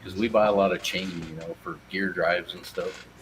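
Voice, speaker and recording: Easygoing guy telling little stories, deep voice. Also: fairly even intonation, moderate pace, a little hiss or hum, rough recording. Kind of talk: casual chat.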